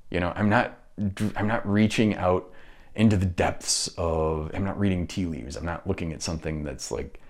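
A man's voice: low-pitched, normal speed. A man hosting a solo talk show, ranting in frustration, swearing often and restarting his sentences. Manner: frustrated, profane, rambling with restarts. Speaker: podcast host. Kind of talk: solo political rant.

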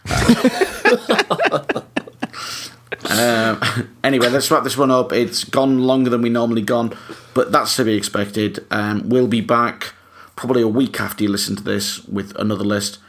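A man's voice: mid-range voice, flat delivery, moderate pace. A man hosting a casual podcast chat, joking and rambling with many ums. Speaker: podcast host.

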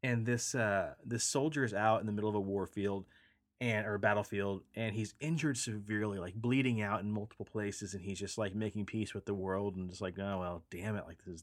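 Man, podcast host, lowish voice, dry close sound, excited swearing chat. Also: a little fast, no room sound. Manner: enthusiastic, swears casually, lots of fillers. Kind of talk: casual chat.

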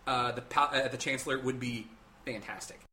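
A man hosting a podcast, telling a story in a casual, animated way and acting out the characters' lines. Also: mid-range voice, a little fast, a little hiss or hum. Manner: animated storytelling, acts out quotes. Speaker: podcast host.

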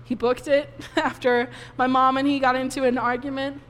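A woman's voice: sits high, level tone, normal speed. Tearful woman preaching in a reverberant hall. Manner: emotional personal testimony, tearful at times. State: crying softly. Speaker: pastor. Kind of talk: sermon.

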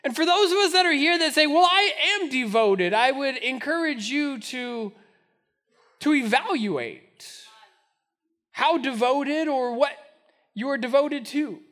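A man in his thirties preaching a sermon to his church, telling a personal story with animated, self-mocking humor. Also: very high-pitched, a little slow. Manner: storytelling, animated, laughing at himself. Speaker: pastor. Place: church sanctuary.

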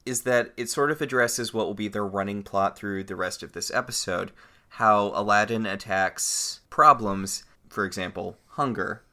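A man's voice: on the low side, gravelly, sharp tone. A man from the United States co-hosting a podcast, picking apart a TV episode in a thoughtful, analytical way. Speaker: podcast co-host. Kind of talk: casual chat recapping a TV episode.

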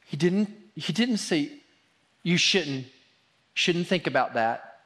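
Male pastor, higher-pitched, casual and encouraging sermon delivery. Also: animated, takes it slowly, long pauses, fairly bright tone. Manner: informal, encouraging preacher, repeats phrases. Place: church sanctuary.

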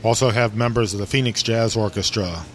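A man's voice: fairly low pitch, steady tone, a little fast, a little hiss or hum. A man co-hosting a casual radio chat show, bantering and teasing in an easygoing way.

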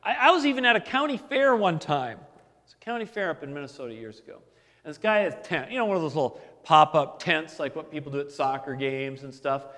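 A man preaching a sermon as the pastor, telling stories in a relaxed, conversational way with asides. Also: a little high, a little fast, big-room sound.

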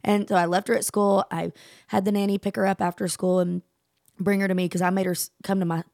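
A woman in her forties co-hosting a podcast, telling stories in an emphatic, animated way. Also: mid-range voice, fast talker, vocal fry, dry recording, clean studio sound. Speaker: podcast co-host. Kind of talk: casual chat.

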